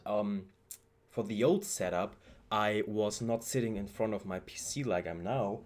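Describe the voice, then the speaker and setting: A young man, excitedly unboxing fan mail at his home PC setup and gushing about every item. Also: mid-range voice. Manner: excitable, gushing, says "bro" often. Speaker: YouTuber.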